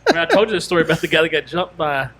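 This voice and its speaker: A man with a husky, slightly high voice tells a story in a loose, rambling podcast chat. He drops into quoted lines and restarts his sentences as he goes. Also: rapid-fire, fairly bright tone. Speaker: podcast co-host.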